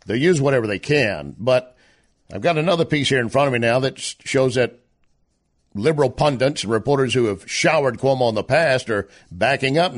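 A man hosting a political talk show, delivering a sarcastic monologue full of rhetorical questions. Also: mid-range voice. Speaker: radio talk show host.

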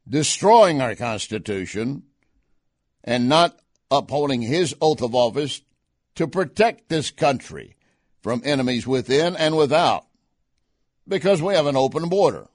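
A man's voice: mid-range voice, lively intonation, measured pace, pauses often, no room sound, clean studio sound. A man hosting a political talk show, speaking conversationally and pushing hard on key points. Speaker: talk radio host. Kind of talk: political commentary.

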